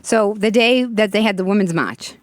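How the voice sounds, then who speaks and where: A woman hosting a talk show with an animated, chatty stand-up delivery, laughing often. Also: mid-range voice, normal speed, no echo.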